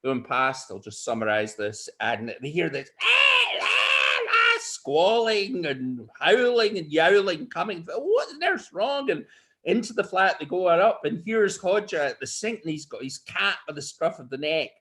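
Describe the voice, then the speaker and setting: An older Scottish man telling stories and anecdotes as an interview guest, lively and expressive. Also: a little high, normal speed. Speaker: storyteller guest. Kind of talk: animated anecdotal storytelling.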